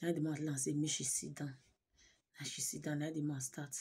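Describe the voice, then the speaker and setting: Husky Nigerian woman telling a story. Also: low-pitched, flat delivery, fairly quick, a little mellow. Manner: emotive, repeats words for emphasis, mixes Pidgin and English. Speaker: channel host. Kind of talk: casual storytelling vlog.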